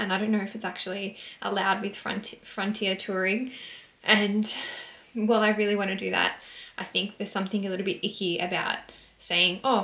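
A woman's voice: mid-range voice, low-quality recording. A young Australian woman talking candidly to her phone camera in a casual travel vlog. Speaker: vlogger. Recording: loud background noise.

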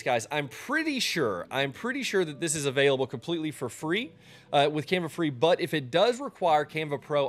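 A man talking through a software tutorial in a casual, loose way, often pausing with ums and restarting his sentences. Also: medium pitch. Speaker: streamer teaching a software tutorial. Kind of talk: casual screen-recorded tutorial.

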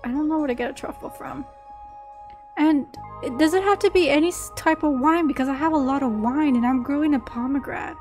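Eine Frau, die locker und aufgeregt ein Spiel kommentiert, oft nach Luft schnappt und kichert. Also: female voice, high-pitched, fairly quick, low-quality recording. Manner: excitable, gasping and giggling often. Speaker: gaming channel host. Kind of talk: casual gameplay commentary. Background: soft game music.

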